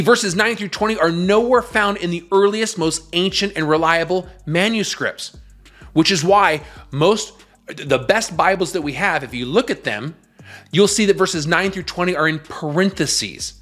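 A male host delivering preaching-style commentary with emphatic, scornful force. His voice sits a little higher than most men's, and faint music plays under it. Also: a bit bright.

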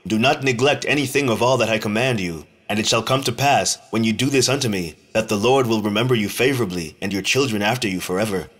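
A man reading an old religious text aloud in a slow, measured, solemn manner, with deliberate phrasing. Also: fairly low pitch, a bit bright. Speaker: scripture reader.

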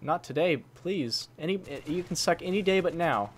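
Animated and a little high, this host's voice comes at a moderate pace with slight hiss or hum in the recording. He gives casual live shooter commentary for his gaming channel, frustratedly grumbling at opponents, talking to enemies, and trading swear words for mild alternatives.

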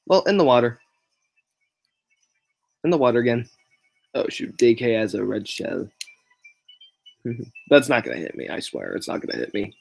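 A man's voice: medium pitch, creaky. A man giving casual running commentary while playing a racing game on a livestream, reacting with exclamations and short laughs. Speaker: gameplay livestreamer.

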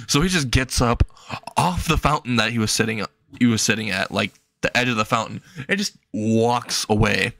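A man's voice: medium pitch, normal speed, vocal fry, fairly bright tone, no room sound. A man casually narrating a fan story, chuckling at his own jokes with loose, rambling phrasing. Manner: casual, laughs at own jokes, repetitive fillers.

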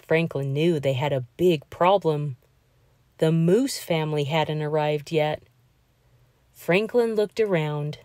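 A woman reading a children's picture book aloud, in a slow, expressive storytelling voice. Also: sits low, dry recording, studio quality.

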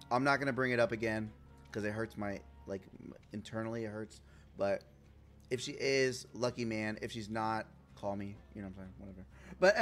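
A man live-streaming a game, talking casually with his chat in a loud, profane, playful way. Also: medium pitch. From Puerto Rico.

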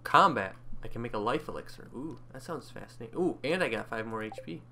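A man's voice: mid-range voice, lively intonation, quick pace, creaky, pushed and bright, a little hiss or hum. Chatty man narrating his farming game. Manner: chatty, thinks aloud while playing. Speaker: gaming channel host. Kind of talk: casual gameplay commentary.

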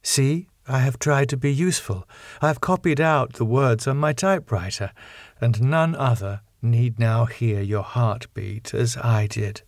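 A man reading an audiobook, voicing a gentle but resolute young woman who speaks gravely and appealingly. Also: mid-range voice, measured pace, no room sound, clean studio sound, natural voice. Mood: moved.

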